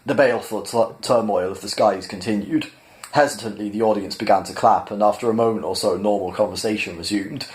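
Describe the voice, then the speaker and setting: A man reading a novel aloud in a measured, plain narrating style. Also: on the low side. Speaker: reader. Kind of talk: audiobook-style storybook reading.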